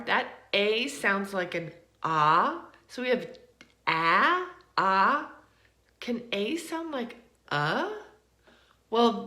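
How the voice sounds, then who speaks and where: An American woman gives an English pronunciation lesson in a lively, bouncing voice that rises and falls a lot. She talks slowly and deliberately, stretching out example words, and her voice has a bright edge. The room around her sounds echoey. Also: mid-range voice. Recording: roomy echo.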